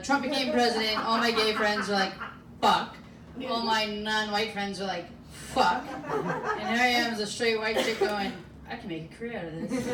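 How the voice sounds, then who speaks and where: An American woman in her late thirties works a comedy club crowd with a brash, swearing, confiding stand-up set. Her voice sits on the high side. It comes from a little way off the mic in an echoey room full of audience noise. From Alaska, USA. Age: 30s. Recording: roomy club sound from a distance, audience audible.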